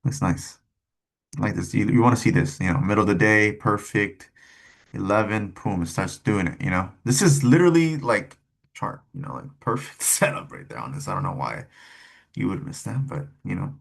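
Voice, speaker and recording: Gravelly low-voiced man rambling over charts. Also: lively intonation. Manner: rambling, cussing, quick asides. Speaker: stock trading streamer. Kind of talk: casual chart commentary.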